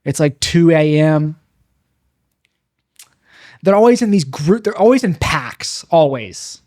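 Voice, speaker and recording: A man's voice: on the high side, animated, a little slow, darkish tone, no room sound, clean studio sound. A young man doing a confessional stand-up monologue, rambling and bitter, mocking himself with frequent restarts. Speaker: stand-up comedian.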